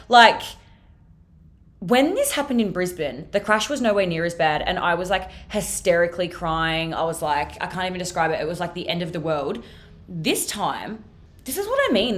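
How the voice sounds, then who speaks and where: Sweary young Australian woman telling a story. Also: lowish voice. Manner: chatty, sweary, filler-heavy with frequent "like". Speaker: podcast host. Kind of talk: casual storytelling monologue.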